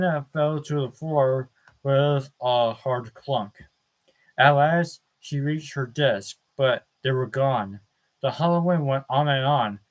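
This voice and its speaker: Guy reading an audiobook real slow, measured, trips on a word now and then, middle pitch. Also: low-quality recording. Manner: measured and deliberate, with the odd stumble. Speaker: audiobook narrator. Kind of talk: slow dramatic book reading.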